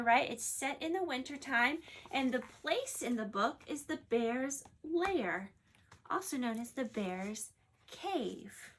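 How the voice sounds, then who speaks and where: Bright, slow-reading woman teacher. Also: high-pitched. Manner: animated storyteller, asking rhetorical questions. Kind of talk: reading a picture book aloud, then discussing it.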